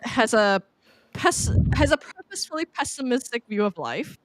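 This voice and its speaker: Lively woman chatting casually. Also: fairly high pitch, moderate pace, no echo, studio quality. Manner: animated, laughs often, many fillers. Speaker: podcast co-host. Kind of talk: casual chat.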